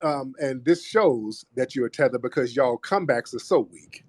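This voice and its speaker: A man's voice: medium pitch, lively intonation, normal speed, dry recording. A man hosting a live audio chat room, confronting callers in a mocking, combative way. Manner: confrontational, mocking, repeats "brother". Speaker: host.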